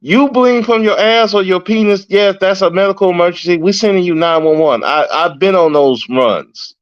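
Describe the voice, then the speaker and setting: A man's voice: high voice, normal speed, dry recording. A man hosting a podcast, telling stories from his job as a correctional officer in a casual, profane, slangy ranting style, with lots of fillers and restarts. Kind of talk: casual storytelling rant. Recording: dull lo-fi dry sound.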